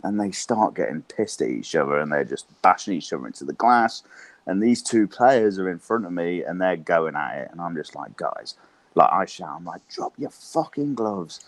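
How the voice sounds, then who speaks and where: An Englishman with a low, deep voice, chatting as a guest on a casual interview. He tells rowdy stories full of swearing and laughs along the way. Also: normal speed, no echo. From England. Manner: profane, animated, laughs through stories. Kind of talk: casual storytelling chat.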